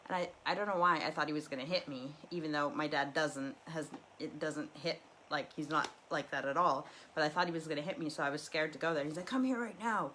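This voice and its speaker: A woman's voice: deep voice, steady tone, fast talker, hardly any pauses, fairly bright tone, slight background noise, poor audio. A middle-aged woman talking candidly and rambling from her living room as host of a live stream. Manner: rambling, candid, lots of restarts. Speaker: livestream host. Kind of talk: casual personal talk.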